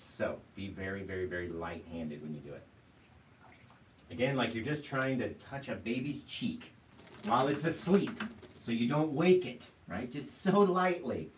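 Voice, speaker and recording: Chatty man teaching painting, roomy sound. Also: medium pitch. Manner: relaxed, chatty, keeps asking "right?". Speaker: painting instructor. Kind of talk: live painting tutorial. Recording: roomy sound, mic at a distance, faint noise.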